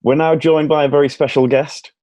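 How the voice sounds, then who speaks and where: A man's voice: fairly high pitch, flat delivery, brisk, dark tone, no echo. A man hosting a casual sports podcast, chatty and self-mocking, laughing often. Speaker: podcast host.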